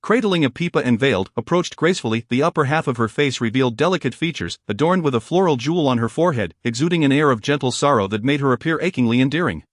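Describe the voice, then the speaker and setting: A man narrating a scripted story in an even, measured way. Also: medium pitch, dry recording, clean studio sound.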